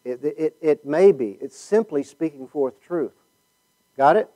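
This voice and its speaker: A man teaching a Bible class in a conversational way, thinking out loud and putting questions to his listeners. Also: on the high side, animated, a little slow, rough recording.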